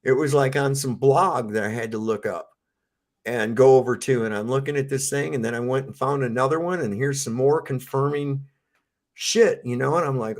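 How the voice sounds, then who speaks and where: A man's voice: medium pitch, moderate pace. A man telling a long, rambling story in a casual panel chat, swearing freely.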